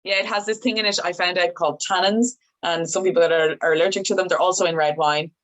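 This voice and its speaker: Brief: young woman, low voice, radio journalist as guest, lively storyteller. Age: young adult. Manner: lively storyteller, quick asides. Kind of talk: casual interview chat.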